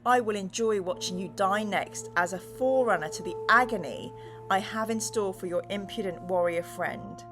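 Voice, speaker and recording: The icy spirit of a cruel snow witch, put on by a woman reading a gamebook aloud, cold and sneering. Her voice sits in an ordinary middle pitch, and clear music plays behind her. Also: moderate pace, natural voice. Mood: menacing.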